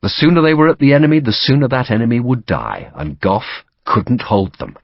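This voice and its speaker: A man reading a novel aloud as audiobook narration, steady and dramatic. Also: medium pitch, fairly quick, creaky, dry recording, highs cut off.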